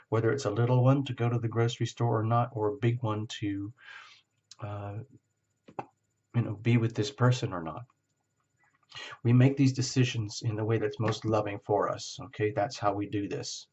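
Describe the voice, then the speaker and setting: A man's voice: on the low side, darkish tone, lo-fi sound. A man giving a reflective spoken tarot reading, often checking in with the listener. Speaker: tarot reader.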